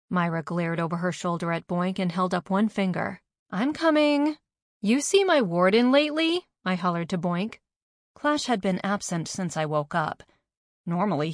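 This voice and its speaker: Female narrator, lowish voice, dry booth sound, animated dialogue. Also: no echo. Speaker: audiobook narrator. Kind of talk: first-person scripted narration.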